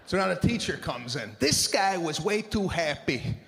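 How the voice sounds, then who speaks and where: A man doing a stand-up comedy routine with animated, exasperated ranting. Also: fairly high pitch, normal speed, gravelly, soft background music. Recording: live stage with long reverb, faint ambience.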